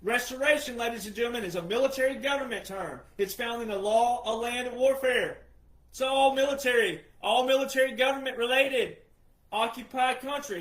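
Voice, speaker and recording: A man giving an emphatic monologue, repeating his points insistently and addressing the audience as ladies and gentlemen. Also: very high voice, fairly quick, roomy sound, low-quality recording. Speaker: commentator.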